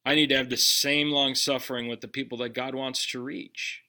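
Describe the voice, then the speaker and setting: Bright-voiced man preaching a sermon. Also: medium pitch, flat delivery, moderate pace. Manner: conversational preaching, direct questions to listeners. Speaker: pastor.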